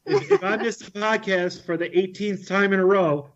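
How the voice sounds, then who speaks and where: A man's voice: high-pitched, moderate pace. A man co-hosting a podcast in casual chat, teasing and laughing along. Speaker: podcast co-host. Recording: dull lo-fi podcast audio.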